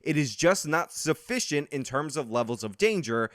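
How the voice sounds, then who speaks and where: A man's voice: on the high side, expressive, moderate pace, fairly bright tone, no echo, clean studio sound. A man hosting reaction commentary, combative and sarcastic as he lectures. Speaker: political commentary host.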